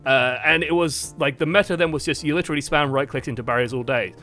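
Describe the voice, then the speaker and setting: A man's voice: fairly high pitch, fast, pushed and bright, faint music behind. A man co-hosting a gaming show, explaining game changes in a playful, enthusiastic way. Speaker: gaming channel co-host. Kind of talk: casual gaming commentary.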